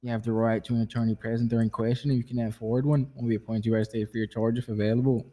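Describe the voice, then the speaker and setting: A man with a dark, flat voice rattles off lines at a quick clip in a clowning way during a game roleplay. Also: mid-range voice. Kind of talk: in-character roleplay.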